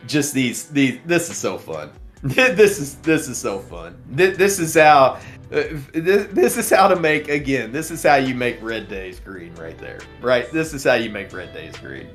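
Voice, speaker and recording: A man hosts a live trading stream, chatting casually and reading out viewer comments, laughing often and rambling with many restarts. His voice is mid-range and a bit bright.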